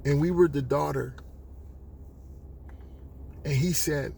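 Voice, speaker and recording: A man's voice: a little high, fairly even intonation, slow, vocal fry, pauses often, mellow, a little hiss or hum. A man telling a devotional story in an earnest monologue, often using fillers. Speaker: christian storyteller.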